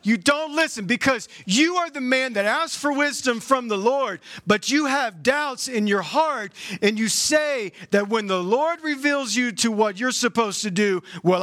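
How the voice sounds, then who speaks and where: A man preaching a sermon with a notably high voice. He talks like he is chatting with the congregation and keeps leaping up in pitch. The sound is dry and close. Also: a little slow, hardly any pauses, no echo. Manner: animated, conversational preaching with sudden jumps in pitch. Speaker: pastor.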